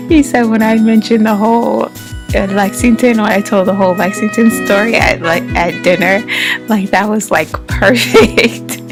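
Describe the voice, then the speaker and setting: A woman's voice: medium pitch, creaky. A young woman vlogger telling a personal story casually, rambling and laughing as she acts out both sides of the conversation. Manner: rambling, laughs often, quotes others in dialogue.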